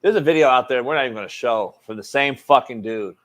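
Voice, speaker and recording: A man's voice: mid-range voice, fast talker, a bit bright. Heated, profane man hosting a talk show. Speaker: sports show host. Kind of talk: casual talk-show rant.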